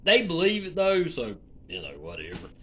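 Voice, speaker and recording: A man's voice: a little high, wildly swooping pitch, moderate pace, a bit bright, slight background noise. A man in his forties with an Alabama accent, ranting casually to his viewers in a rambling, profane, drawling way. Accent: Alabama Southern US. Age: 40s. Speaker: vlogger.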